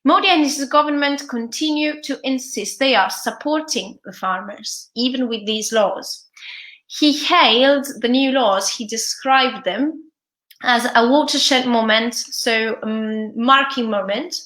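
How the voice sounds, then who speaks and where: A woman's voice: a little high, measured pace, fairly bright tone, echoey room. A woman English teacher with an Italian accent, reading a news article aloud and explaining it, hesitating often with fillers and restarts.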